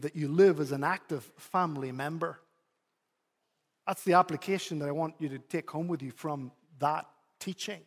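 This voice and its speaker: High-voiced male pastor in an echoing hall. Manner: animated storytelling, repeats words when emphasizing. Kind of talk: sermon with a personal story.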